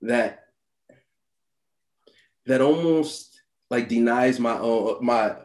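A man, a meditation teacher, telling a personal story in a dharma talk, halting, with many fillers and restarts, laughing often. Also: medium pitch, darkish tone, echoey room.

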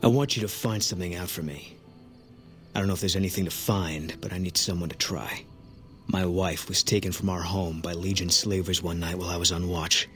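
An actor playing a grim, bitter soldier who talks in a curt, guarded way, in a video game. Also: male voice, deep voice, steady tone, fairly quick, a bit bright. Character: grim, bitter soldier sniper, grieving husband. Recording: game audio under music.

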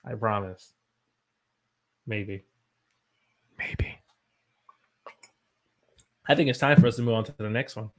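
A man's voice: fairly low pitch, moderate pace, pauses often. A man with an American accent teaching English in a casual livestream from his room at home, joking, laughing often and reading viewer comments aloud. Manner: playful, jokey, laughs often.

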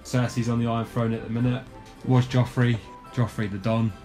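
A man's voice: mid-range voice, level tone, brisk, dark tone, soft background music. Chatty young man, swearing freely. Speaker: guest showing his collection. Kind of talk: casual show-and-tell chat.

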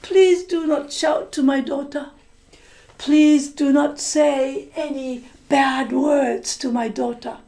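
A woman teacher voicing a mother who pleads about her spoiled daughter, in her own slow storytelling voice. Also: high voice, fairly even intonation, dark tone, voice pushed up. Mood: pleading.

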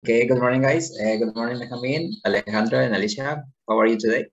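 Brief: man on a video call, quick and polite, slightly muffled lo-fi audio. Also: medium pitch, fairly even intonation, slightly rough. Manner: quick and polite, repeats thanks. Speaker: teacher.

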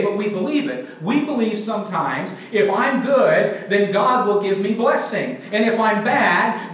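A man's voice: high voice, a bit bright. A young male preacher giving an emphatic sermon in a church, asking the congregation to fill in words and joking at his own expense. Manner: self-deprecating humor. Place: church sanctuary. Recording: very echoey church, distant and dull.

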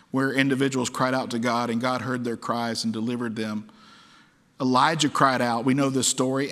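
A man's voice: medium pitch, bright, forceful tone. A man preaching a sermon as pastor, acting out quoted cries with dramatic force. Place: church sanctuary. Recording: long church hall reverb.

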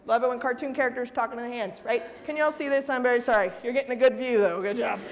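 A woman giving a motivational talk to an audience in a large room, animated and often checking in with "right?". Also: a little high, fast, noisy background. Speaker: public speaker. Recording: reverberant hall.

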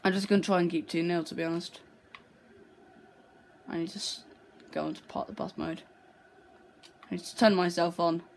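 A woman chatting through her own football video game match, talking tactics under her breath and bursting into shouts at near misses and goals. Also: on the low side, steady tone, normal speed, long pauses, a little hiss or hum. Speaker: gaming video creator.

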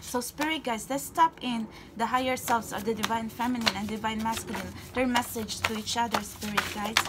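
A gushing, excitable woman reads tarot cards for her viewers, her slightly high voice darting between squeals and hushed asides. She keeps repeating herself and calling everyone guys, with a faint hiss of room noise behind her. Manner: gushing and excitable, often breaking into squeals and whispers. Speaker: tarot card reader. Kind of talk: casual tarot reading to camera.

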